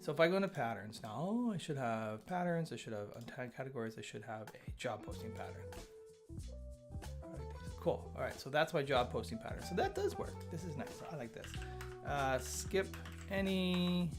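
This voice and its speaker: A man's voice: medium pitch, big pitch swings, brisk. A man hosting a live coding stream, chatting casually and thinking aloud, often stammering and repeating words. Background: faint chill background music.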